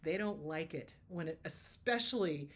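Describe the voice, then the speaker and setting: A woman's voice: low-pitched, moderate pace. Emphatic woman therapist giving blunt advice. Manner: emphatic, lively storytelling with laughs and mock quotes. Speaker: therapist hosting a Q&A show. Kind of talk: casual advice talk.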